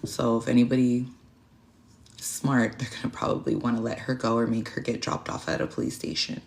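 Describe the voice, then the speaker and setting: A woman's voice: extremely low pitch, fairly even intonation, brisk, creaky. Woman, tarot livestream host, casual rambling chat, swears freely, blunt, stops to thank viewers by name.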